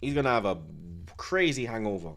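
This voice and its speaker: Man, football watchalong host, excitable slang-heavy banter, lively swooping pitch. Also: a little fast. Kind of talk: live match watchalong commentary.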